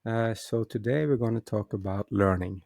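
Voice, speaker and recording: A man with a gravelly, creaky voice hosts a casual talk show on his own. He often stumbles and restarts his sentences as he talks. The sound is dry and close, with no room echo. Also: fairly low pitch, moderate pace, darkish tone. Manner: hesitant, many restarts and repeated words. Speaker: host.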